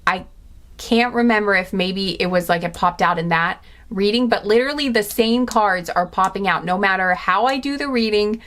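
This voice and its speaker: A woman giving a pick-a-card tarot reading, chatty and emphatic, with many fillers and quick apologies. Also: mid-range voice, fairly bright tone. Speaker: tarot reader.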